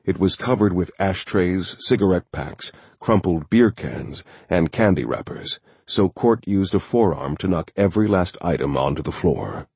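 A man narrating a thriller audiobook in a steady, measured way. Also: deep voice, husky, dry recording.

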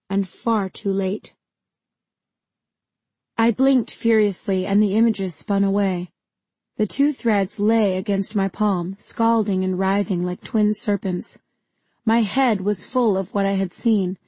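A woman narrating an audiobook in the first person with a measured, dramatic reading. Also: mid-range voice, mellow, no room sound.

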